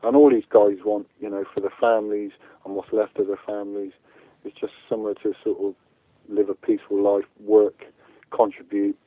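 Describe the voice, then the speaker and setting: Over a thin, narrow, tinny line that sounds like a phone, a man with a fairly low, level voice gives earnest interview answers as an activist guest. He speaks haltingly, stumbling and often repeating words. The sound is dry and close, with no echo.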